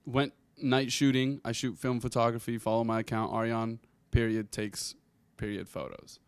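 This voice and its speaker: A young man with a mid-pitched, smooth and resonant voice, recorded close and dry. He talks in a laid-back way, dotted with ums and quick interjections, as one half of a casual podcast chat. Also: flat delivery, dry recording. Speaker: podcast co-host.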